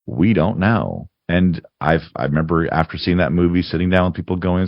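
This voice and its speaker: A podcast co-host with a low voice talks about movies in a relaxed, rambling way, frequently backing up to restart. He speaks briskly with few pauses. The audio is dry and has a muffled lo-fi feel.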